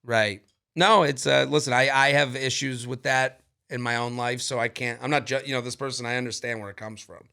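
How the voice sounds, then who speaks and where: A man's voice: mid-range voice, a little fast, vocal fry, smooth. A man co-hosting a podcast in casual chat, joking and reading listener emails aloud. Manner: animated, jokey, reads listener emails aloud. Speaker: podcast co-host.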